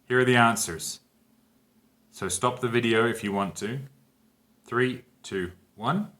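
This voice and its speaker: A man teaching a grammar lesson, speaking example sentences clearly and emphatically and counting down to the answers. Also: medium pitch, slow, fairly bright tone. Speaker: English teacher.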